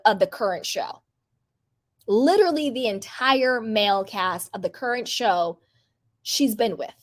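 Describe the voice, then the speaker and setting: High-voiced chatty woman streaming live. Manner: chatty, animated, calls viewers sweetheart. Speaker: host of a live celebrity gossip stream. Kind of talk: casual live chat, reading viewer comments aloud.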